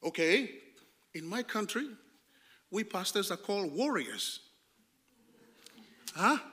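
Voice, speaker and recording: A man preaching a storytelling sermon as a pastor, emphatic, swinging from hushed to loud and asking rhetorical questions. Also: sits high.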